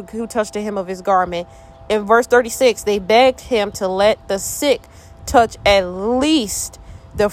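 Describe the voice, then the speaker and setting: A woman leading a casual Bible study, reading scripture with playful joking asides and then turning earnest and reflective. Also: a little high. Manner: reflective, earnest when applying the passage.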